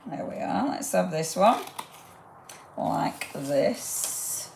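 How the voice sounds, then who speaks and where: A woman's voice: low-pitched, expressive, slow, creaky, darkish tone, slight background noise. A woman, chatting enthusiastically and rambling as she demonstrates a craft project live and talks to viewers by name. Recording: roomy echo.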